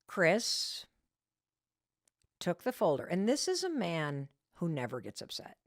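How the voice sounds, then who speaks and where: A woman hosting a podcast, telling a story from her own life to motivate listeners. Her pitch swings up and down as she tells it, and she sounds dry and close to the mic. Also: takes it slowly, no echo. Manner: animated and emphatic, with frequent restarts. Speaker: podcast host.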